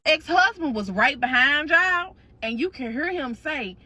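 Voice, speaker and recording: Sassy high-voiced woman telling a story. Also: animated, moderate pace, hardly any pauses, sharp tone. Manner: sassy, profane, slangy and dramatic. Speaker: storytime creator. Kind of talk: second-person storytime narration.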